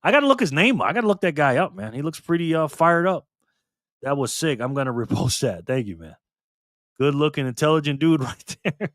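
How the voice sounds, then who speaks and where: A man's voice: a little high, sing-song, fairly quick, a bit bright, no echo, clean studio sound. A man hosting a casual live stream, chatting loosely with viewers and laughing easily. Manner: laid-back, chatty, laughs often, greets viewers.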